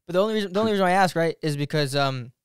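A man hosts a podcast, his voice smooth and a touch high. The sound is dry and close. He asks his questions haltingly, restarting them midway. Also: animated, no room sound. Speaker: podcast host. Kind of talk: casual interview questions.

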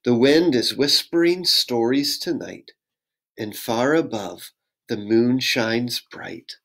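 A pastor's mid-range, creaky voice moves at a slow pace as he reads a children's picture book aloud. His tone is gentle and sing-song, and he asks the young listeners to join in.

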